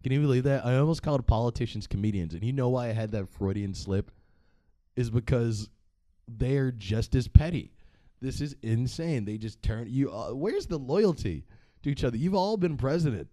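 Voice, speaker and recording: A man's voice: medium pitch, lively intonation, moderate pace, dark tone, no room sound. A man hosting a vlog, giving casual, joking commentary that rambles along with plenty of swearing. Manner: profane, joking and rambling with frequent laughs. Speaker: vlog host.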